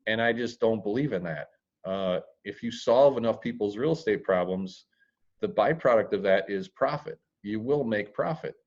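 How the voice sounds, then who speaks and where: Plain-spoken man, low voice, lo-fi sound. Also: normal speed. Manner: plain-spoken, dry humor, occasional crude words. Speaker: real estate investor guest. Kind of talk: podcast interview. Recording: dull lo-fi audio.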